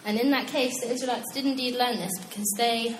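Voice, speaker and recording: A young woman preaching a casual, animated sermon, chatty and quick to laugh at her own asides. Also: on the high side, a little hiss or hum. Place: church hall. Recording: echoey hall with long reverb.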